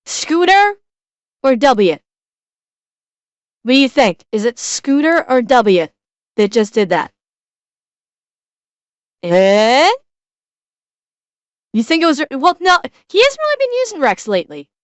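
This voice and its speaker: A chatty woman with a Midwestern American accent banters with her stream chat in a fairly high voice. Her casual reaction-stream talk sounds dry and close, with no room around it. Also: very animated, slow, pauses often, dry recording. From Chicago, USA.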